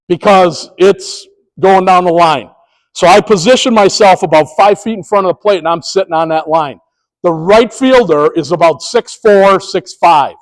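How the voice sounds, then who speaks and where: A man with a high speaking voice trains sports officials through a lively, acted-out story. He jumps into the scenes as he tells them. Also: rough recording. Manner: animated, acts out scenes. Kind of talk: storytelling presentation.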